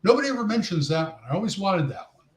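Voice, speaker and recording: A man's voice: high voice, big pitch swings, fast talker, roomy sound. A man co-hosting a casual gaming podcast, chatty and often restarting his sentences. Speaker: podcast co-host. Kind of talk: casual chat.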